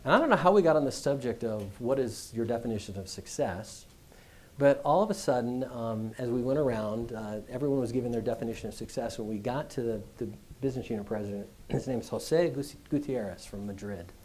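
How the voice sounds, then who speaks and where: A middle-aged man giving a business school address, telling stories in a conversational, animated way. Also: medium pitch, a little fast. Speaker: guest speaker.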